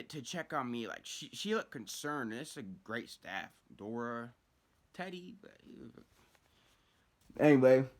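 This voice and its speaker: Young man, mid-pitched, casual storytime vlogger; loose, rambling, profane delivery with frequent restarts. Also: fairly bright tone. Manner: rambling, heavy swearing, restarts.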